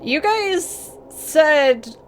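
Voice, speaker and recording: High-voiced woman doing game commentary. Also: expressive, very slow, a little hiss or hum. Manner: emotional, reacts loudly and swears. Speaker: let's play host. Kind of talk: casual gameplay commentary.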